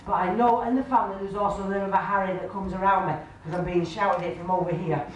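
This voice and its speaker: A woman works as a medium before a crowd, her homely patter caught from well back in a boomy, very echoey club room. A faint hiss of noise hangs under her voice, which sits at an ordinary middle pitch. She keeps checking in with the sitter, asking again and again whether they understand. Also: steady tone, fast talker, recorded from a distance, dull audio. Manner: chatty, homely, addresses the sitter as love and sweetheart. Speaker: spiritualist medium. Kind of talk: live mediumship reading to an audience.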